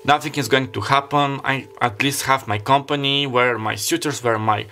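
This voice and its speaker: A man's voice: mid-range voice, moderate pace, sharp tone, slight background noise. A man acting out a dreamy woman musing on a walk about her suitors. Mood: wistful.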